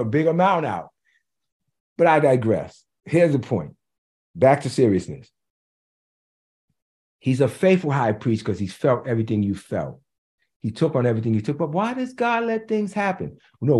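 A man's voice: a little high, darkish tone. A man preaching a sermon in a conversational way, repeating key phrases for emphasis and slipping in joking asides.

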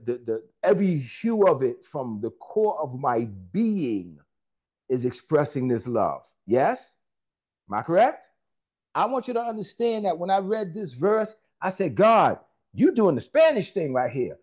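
A man's voice: high voice, a little mellow. A man preaching a sermon, emphatic and repetitive, with conversational asides to the congregation.

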